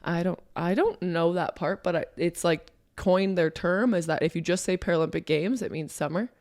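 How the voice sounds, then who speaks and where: A woman from Canada co-hosting a podcast in casual chat, playful and quick to laugh. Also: lowish voice, darkish tone, no room sound, studio quality. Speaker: podcast co-host.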